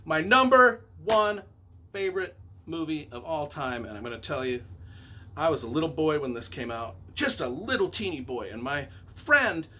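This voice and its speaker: A man's voice: fairly high pitch, expressive, normal speed, pushed and bright, slight background noise. A middle-aged man, a novelist and movie reviewer, rambling enthusiastically and correcting himself as he counts down his favorite films on camera.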